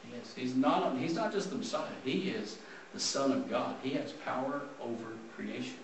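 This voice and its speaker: A man gives a conversational sermon, reading scripture aloud and explaining it. His mid-pitched voice comes from a distance and rings around a roomy church hall. Faint room noise sits underneath. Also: moderate pace. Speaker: preacher. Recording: roomy sound from a distant mic.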